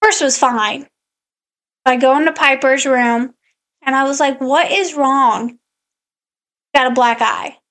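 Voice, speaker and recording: High-voiced woman telling a lively story. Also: unhurried, long pauses. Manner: animated storyteller acting out her own quotes. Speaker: podcast co-host. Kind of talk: casual storytelling chat.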